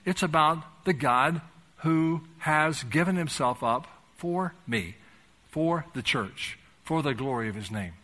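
A pastor preaches a sermon in a loose, conversational style, mixing homely jokes with passages of fervent urgency. His voice is bright and forward, pitched a little above the usual for a man. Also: lively intonation, slow. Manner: conversational preaching with folksy humor, rising to fervent emphasis.

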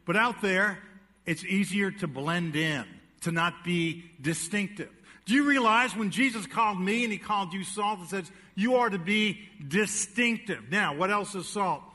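A man's voice: high-pitched, normal speed, sharp tone, long reverb tail. A male pastor preaching a sermon to his church, emphatic and folksy, asking the congregation questions. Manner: folksy joke-telling, then emphatic preaching with audience questions. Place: church sanctuary.

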